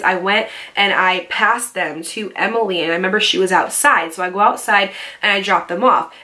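Animated young woman telling a story. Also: medium pitch. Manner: animated, swearing, acting out quoted voices. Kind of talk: casual storytime monologue.

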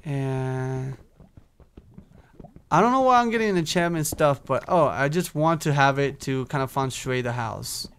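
A young man's mid-range, fairly bright voice comes through clean as he gives expressive, slightly slow commentary on his Minecraft let's play. As a gaming YouTuber, he chats to himself, hums and swears while he plays.

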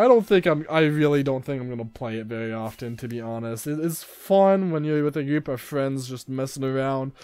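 A young man giving live gameplay commentary, exasperated and excitable, breaking into yelps and laughs at the game. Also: mid-range voice, moderate pace, few pauses, smooth, dry recording. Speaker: gaming YouTuber.

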